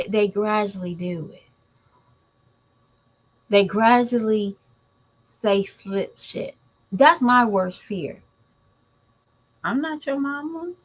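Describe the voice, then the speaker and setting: A woman's voice: sits high, a bit bright, low-quality recording. A woman and mother giving blunt, emphatic commentary in a vlog, talking straight to her viewers.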